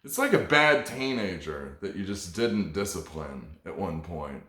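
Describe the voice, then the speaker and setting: A man's voice: sits low, expressive, a little slow, hardly any pauses, fairly bright tone, echoey room. A man hosting a comedy podcast alone, delivering a rambling, profane, mock-preachy monologue.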